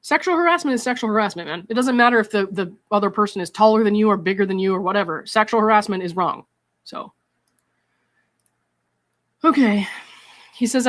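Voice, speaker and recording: A woman's voice: mid-range voice, lively intonation, brisk, long pauses, a bit bright. A woman hosting a commentary channel, reading text messages aloud and breaking in with indignant, exasperated remarks.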